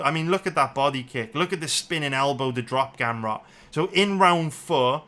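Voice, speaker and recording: A medium-pitched man's voice, pushed and bright, belongs to an MMA betting analyst giving an angry round-by-round breakdown of a fight. He swears and repeats himself as he gets more and more worked up.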